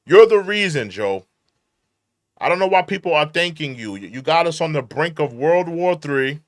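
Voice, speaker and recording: A man's voice: a little high, very animated, normal speed, dry recording. A man hosting a reaction commentary show, ranting and heckling in a repetitive, exasperated way. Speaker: political commentary host.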